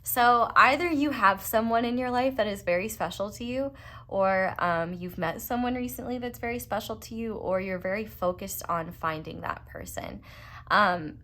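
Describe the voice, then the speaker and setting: A woman's voice: mid-range voice, normal speed, sharp tone. Rambling young woman reading tarot. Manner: rambling, filler-heavy, earnest. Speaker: tarot reader.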